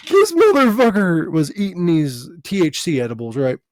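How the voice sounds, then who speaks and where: A man's voice: high voice, wildly swooping pitch, moderate pace, no echo. A man who hosts a podcast and does comedy, chatting casually, swearing freely and laughing often. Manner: profane, laughs often, tells stories animatedly. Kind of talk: casual chat.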